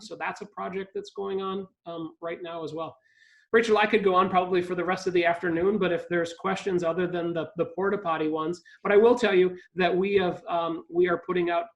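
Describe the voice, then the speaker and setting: On a live video call with lo-fi sound, a high-pitched man from Ohio, the CEO of a park district, speaks as a guest. He sounds hesitant, with frequent ums and restarts.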